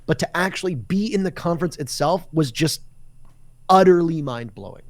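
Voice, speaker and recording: His voice is fairly high and his speed normal, captured without echo. The man, an esports caster from Canada, chats casually on a podcast, telling lively stories and playing out the quoted dialogue.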